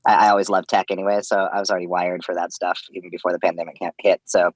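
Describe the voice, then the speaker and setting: A man's voice: sits low, little pitch movement, rapid-fire, no room sound, highs cut off. A man, a comedian and voice actor, talking as a guest in a casual podcast interview, rambling with laughs and restarts.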